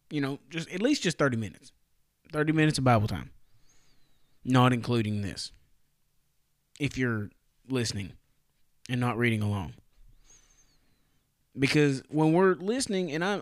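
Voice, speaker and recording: A man's voice: medium pitch, no room sound, clean studio sound. A man giving a casual morning devotional on his podcast, folksy and plain-spoken, asking his listeners rhetorical questions. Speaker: podcast preacher.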